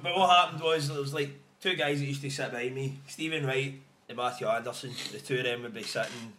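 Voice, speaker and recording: A young man telling a school story on a podcast, animated and laughing a lot. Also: medium pitch, fairly quick. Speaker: podcast co-host. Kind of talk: casual chat. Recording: echoey room with noise.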